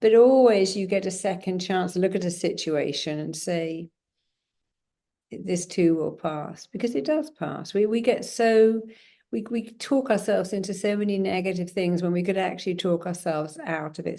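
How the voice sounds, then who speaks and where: A middle-aged woman speaks as a guest in an interview. Her voice is low and gravelly. She acts out bits of dialogue with lively jumps in pitch. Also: normal speed. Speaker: guest therapist. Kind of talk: conversational interview.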